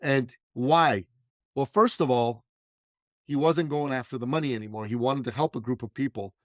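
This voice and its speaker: A man's voice: medium pitch, normal speed, fairly bright tone, no room sound, clean studio sound. A man, a business coach and speaker, telling stories emphatically with punchy repetition as an interview guest. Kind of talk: animated storytelling in conversation.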